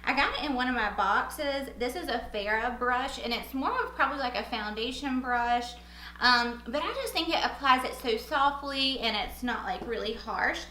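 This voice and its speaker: Bubbly young woman vlogger, bright voice. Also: on the high side, normal speed, echoey room, a little hiss or hum, low-quality recording. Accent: Southern US. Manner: bubbly, chatty, laughs at herself. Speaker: beauty vlogger. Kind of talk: casual makeup tutorial chat.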